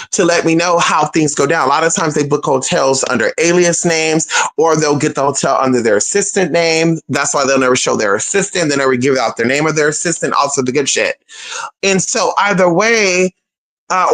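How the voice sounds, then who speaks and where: A young adult streamer telling a personal story to viewers in a casual, animated, profane way, often addressing them as "y'all" and "girl". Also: mid-range voice.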